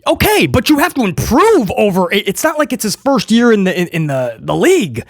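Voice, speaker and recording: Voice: medium pitch, big pitch swings, a little fast, no room sound. Sarcastic football fan ranting thru a game recap, voice jumping all over, dry close sound. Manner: sarcastic, joking and exasperated. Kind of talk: casual sports review monologue.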